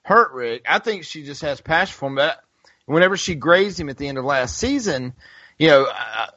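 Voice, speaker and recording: A man's voice: fairly high pitch, expressive, normal speed, pushed and bright, no echo. A man co-hosting a podcast in casual chat, rambling, restarting sentences, full of "you know". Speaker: podcast co-host. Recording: dull lo-fi podcast audio.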